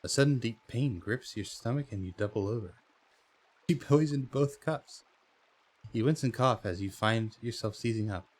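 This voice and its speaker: A man's voice: mid-range voice, moderate pace. Man reading a text adventure aloud. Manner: reads story text, then chats about choices with fillers and laughs. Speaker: game streamer.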